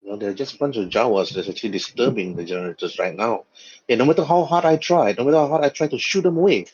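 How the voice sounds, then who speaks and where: A man's voice: mid-range voice, fast talker, a little mellow, breathy edge, dull audio, close to an everyday voice. A man voicing a polite, worried woman who runs a generator and fusses over her words. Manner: fussy, repeats "actually".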